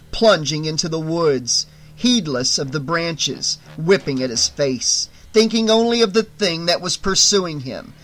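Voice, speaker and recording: A man's voice: on the high side, a bit bright. A man reading a horror novel aloud as an audiobook, in dramatic, tense scripted narration.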